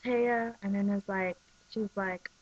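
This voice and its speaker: Chatty, excitable woman vlogger, mid-pitched, dull webcam audio. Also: unhurried. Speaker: soap opera recap vlogger. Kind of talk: casual chat.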